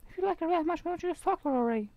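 A woman's voice: extremely high pitch, animated, rapid-fire, darkish tone, dry recording, lo-fi sound. A woman voicing a blunt, sarcastic teenage girl classmate who makes dry, dismissive retorts.

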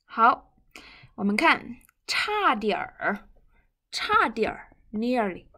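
Woman teacher, native mandarin speaker, slightly high voice, unhurried, repeats each word patiently. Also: sing-song, pushed and bright. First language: Mandarin Chinese. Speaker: Chinese teacher. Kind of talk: bilingual language lesson.

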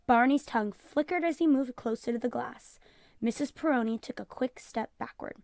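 Expressive woman reading a children's book. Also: on the high side, normal speed, creaky, dry recording, studio quality. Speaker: teacher reading aloud. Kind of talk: children's book read-aloud.

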